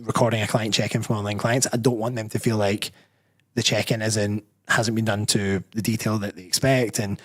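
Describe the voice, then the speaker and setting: A man's voice: on the low side, flat delivery, brisk. A man with a Scottish accent, a personal trainer talking as a guest in a casual interview, reflective and rambling, often correcting himself mid-sentence. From Scotland.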